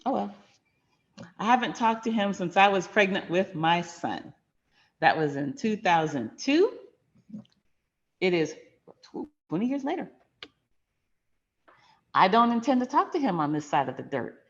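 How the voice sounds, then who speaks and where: A woman's voice: medium pitch, big pitch swings, a little slow, pauses often, lo-fi sound. A middle-aged woman hosting a finance channel, telling a personal story in a frank, emphatic, conversational way.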